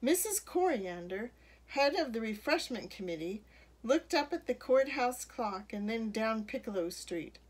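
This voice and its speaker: Woman, children's book read-aloud, expressive storytelling, fairly high voice, slow pace. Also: husky. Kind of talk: reading a picture book aloud.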